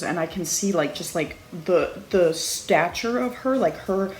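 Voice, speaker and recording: Excitable young woman, echoey room. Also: lowish voice. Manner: excitable, exclaiming, restarting sentences with "like". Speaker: vocal coach reacting to music. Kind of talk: casual reaction commentary. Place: home room. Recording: echoey room, music playing behind.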